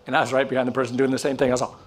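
A man preaching a sermon, telling a story with animation, acting out the people in it and dropping to a hush at times. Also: medium pitch, little pitch movement, very fast. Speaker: pastor. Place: church.

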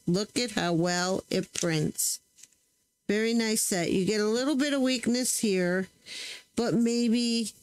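A woman's voice: medium pitch, darkish tone, poor audio. A woman hosting a crafting channel, chatting casually to viewers while she tests stamps, often correcting herself as she works. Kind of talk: casual crafting demo chat.

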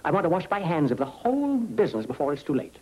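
An actor playing a nervous attorney in a 1940s film, urgent, clipped and impatient. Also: male voice, on the high side, big pitch swings, fast talker, darkish tone, slight background noise, rough recording. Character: nervous, hurried male lawyer.

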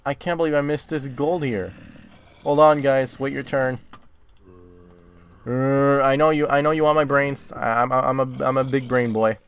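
A young man hosting a gaming video, chatting casually and often swearing and yelling when startled, recording in a dark closet. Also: mid-range voice, steady tone, normal speed, clean tone. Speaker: gaming channel host. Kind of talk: casual game commentary.

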